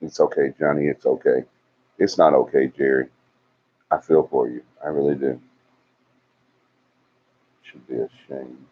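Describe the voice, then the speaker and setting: A man hosts a casual livestream, chatting and teasing as he reads out viewer comments. His voice sits low and deep, and the audio is a little muffled, like a lo-fi stream. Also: level tone, moderate pace, slightly rough. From Alabama. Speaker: livestream host. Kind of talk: casual live chat reading comments.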